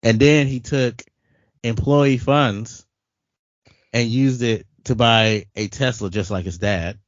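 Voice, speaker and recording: A man's voice: mid-range voice, steady tone, slow pace, no echo, dull audio. A man co-hosting a podcast, telling a long personal story in casual chat, repeating words and laughing often. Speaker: podcast co-host.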